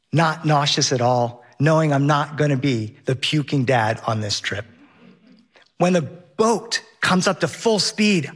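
A middle-aged man telling a comic personal story on stage, vivid and lively, briefly putting on a high whiny voice for his son.

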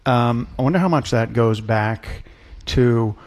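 A man's voice: medium pitch, a little slow, a little mellow. Man, radio panel, thoughtful, uh-and-um delivery. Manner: thoughtful, many fillers. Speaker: journalist and author.

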